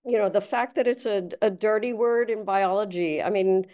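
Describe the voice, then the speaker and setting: A woman interviewer asking long questions in a halting way, with frequent fillers. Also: medium pitch, mellow. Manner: halting, full of fillers while forming questions.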